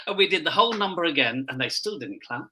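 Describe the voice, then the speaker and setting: A man with a bright, fairly high voice tells backstage stories from his years as a pantomime dame. His pitch swoops up and down with real animation. He rambles cheerfully and freely owns up to talking too much. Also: animated, fast talker, poor audio. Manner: chatty, rambling storyteller who admits he talks too much. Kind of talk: casual anecdote-telling chat.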